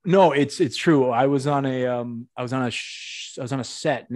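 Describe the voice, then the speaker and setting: A man's voice: mid-range voice, moderate pace. A young man from Western Massachusetts with a light local accent, hosting a podcast as casual chat, telling stories with lots of animation. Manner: animated storytelling, acting out quotes. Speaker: podcast host.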